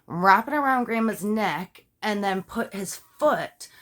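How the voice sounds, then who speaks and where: A woman's voice: medium pitch, animated, takes it slowly, a bit bright. A woman telling a true-crime story in a casual, chatty way, with lots of asides, fillers and questions to her viewers. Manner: talks straight to viewers with questions.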